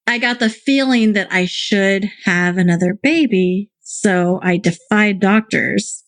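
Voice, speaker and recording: A woman's voice: mid-range voice, slow. A woman in her forties, co-hosting a podcast and telling candid, self-deprecating stories in casual chat. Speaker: podcast co-host.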